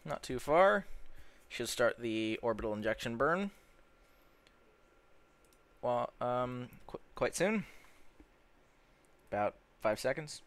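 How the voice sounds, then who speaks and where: A man's voice: medium pitch, big pitch swings, slow, pauses often, fairly bright tone. A young man casually commenting on his own gameplay, rambling and stumbling over words, easily amazed.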